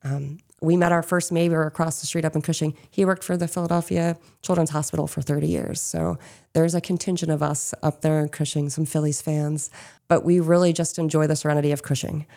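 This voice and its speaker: Low-voiced chatty woman business owner. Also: flat delivery, fairly quick, creaky, dark tone. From Chester County, Pennsylvania. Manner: chatty, frequent "um" and "you know". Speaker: small business owner, interview guest. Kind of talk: casual interview answers.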